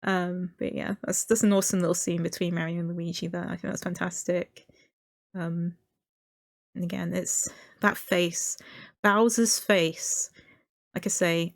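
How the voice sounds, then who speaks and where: A woman's voice: lowish voice, fairly even intonation, a little slow, vocal fry, dry recording, studio quality. A woman streamer chatting casually and enthusiastically about a movie trailer, with many fillers and little laughs. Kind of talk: casual commentary.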